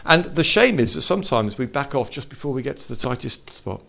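A man preaching an informal sermon to a small fellowship, swinging from quiet asides to loud exhortation. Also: medium pitch, very animated, fairly quick, vocal fry.

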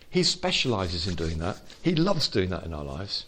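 A man preaching an informal sermon to a small fellowship, swinging from quiet asides to loud exhortation. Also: low-pitched, big pitch swings, normal speed, few pauses.

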